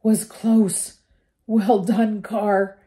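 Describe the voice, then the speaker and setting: An older woman voicing a panicky, gloomy young wizard boy with high, drawn-out exclamations. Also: little pitch movement, mellow. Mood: breathless relief.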